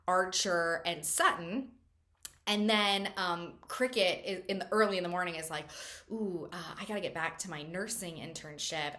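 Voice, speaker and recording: A woman in relaxed conversation recapping a novel's plot for her viewers. She talks loosely, full of fillers, and drops wry, joking asides along the way. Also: on the low side. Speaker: book reviewer host. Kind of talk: casual book-recap chat.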